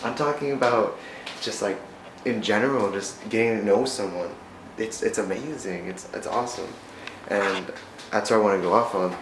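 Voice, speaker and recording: A fairly low-voiced man talks earnestly about faith in a casual vlog, rambling and often correcting himself mid-sentence. His voice rings in a roomy, echoey space, with a faint hum of ambience behind it. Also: moderate pace. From United States. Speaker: vlogger. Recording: roomy echo.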